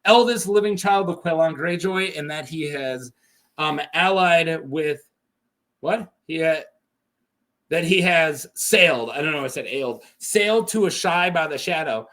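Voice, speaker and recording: High-voiced man, animated and chatty. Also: measured pace. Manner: animated and chatty, laughs often. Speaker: lore video host. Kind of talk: casual lore retelling.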